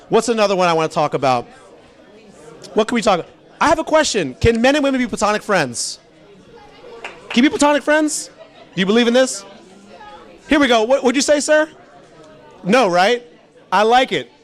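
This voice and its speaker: High-voiced animated stand-up comic, male. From immigrant background. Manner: animated, rambling, crowd work. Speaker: stand-up comedian. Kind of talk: stand-up comedy set.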